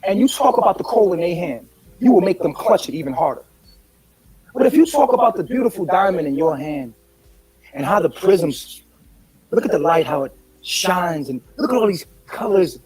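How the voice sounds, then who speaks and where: High-voiced man telling a story. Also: very animated, normal speed, darkish tone, slightly rough, no room sound, low-quality recording. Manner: streetwise, profane, preachy retelling. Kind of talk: storytelling in a played clip.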